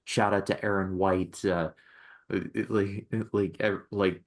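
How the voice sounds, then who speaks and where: Deep-voiced man, rambling podcast host. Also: flat delivery, slow. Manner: rambling with many fillers. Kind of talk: casual chat.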